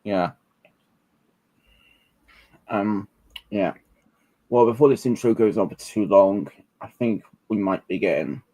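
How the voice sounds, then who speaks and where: A man's voice: on the low side, slow pace, pauses often, warm tone, dry recording, poor audio. A man giving a casual fan commentary on a film, rambling with fillers and restarts. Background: film soundtrack playing.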